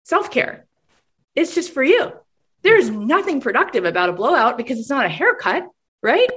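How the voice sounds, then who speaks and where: A woman hosting a podcast, giving energetic coaching talk and acting out voices of the people in her stories. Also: high voice, moderate pace, slightly rough. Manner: enthusiastic, acts out quoted voices. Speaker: podcast host and business coach.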